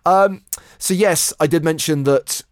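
A man co-hosting a poker podcast, recapping events in a measured, wry way. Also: a little high, darkish tone, no room sound, studio quality. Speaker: poker show co-host. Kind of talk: casual podcast chat.

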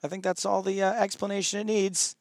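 A man's voice: high voice, level tone, a little fast, gravelly, dry recording, clean studio sound. A man hosting a podcast, chatting casually and introducing a new segment. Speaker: podcast host. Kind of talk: casual chat.

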